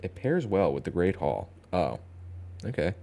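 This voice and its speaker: Deep-voiced man chatting through a game. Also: sing-song, measured pace, creaky, mellow. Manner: chatty, talks to chat, thinks aloud, playful. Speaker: streamer. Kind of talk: casual gameplay commentary. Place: home streaming setup.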